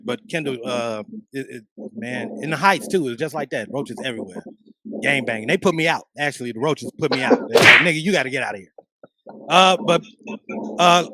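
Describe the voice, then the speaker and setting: A man co-hosting a podcast, telling a story in a casual, profane, animated way. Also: fairly high pitch, slight background noise. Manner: animated, profane, acts out quotes. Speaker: podcast co-host.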